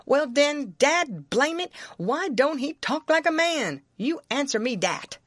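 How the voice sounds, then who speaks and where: A woman's voice: fairly low pitch, big pitch swings, measured pace, no echo, studio quality. A woman voicing a stubborn, argumentative grown runaway man in a heavy rural Southern dialect, in an audiobook. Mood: indignant. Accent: Southern American.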